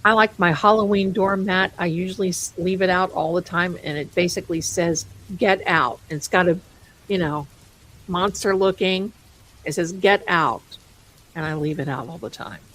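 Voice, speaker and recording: A woman's voice: fairly low pitch, steady tone, normal speed, a bit bright, a little hiss or hum, rough recording. A woman hosting a live stream, chatting casually and rambling, amused by her own jokes and calling viewers her darlings. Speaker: livestream host.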